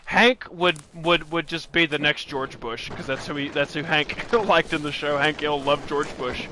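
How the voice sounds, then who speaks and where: A man's voice: fairly high pitch, steady tone, normal speed, noisy background. A young man hosting a gaming channel, chatting casually while he plays, rambling and laughing often as he restarts his sentences. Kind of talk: casual let's-play chat.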